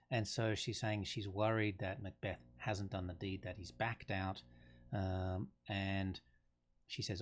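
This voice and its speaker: A man's voice: low voice, flat delivery, slow. A man teaching a lesson on a play in a conversational way, thinking aloud with fillers and restarts. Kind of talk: casual lesson explaining a play.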